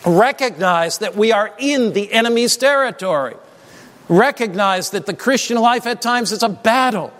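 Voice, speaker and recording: A man's voice: sits high, expressive, moderate pace, a bit bright. A man preaching a sermon, emphatic and prompting the congregation to call back answers. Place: church sanctuary. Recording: long hall reverb.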